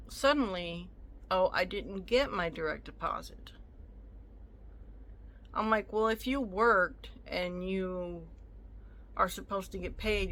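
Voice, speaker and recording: A woman's voice: lowish voice, a bit bright. A woman telling a storytime rant to her viewers, indignant and sassy, acting out both sides of an argument. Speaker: vlogger.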